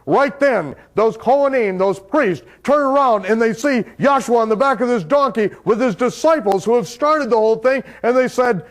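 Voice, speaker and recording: A man's voice: very high-pitched, lively intonation, normal speed, hardly any pauses. A man teaching the Bible as a dramatic story. His telling builds in intensity, with loose, conversational phrasing. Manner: vivid retelling that builds in intensity, shouting out quoted cries.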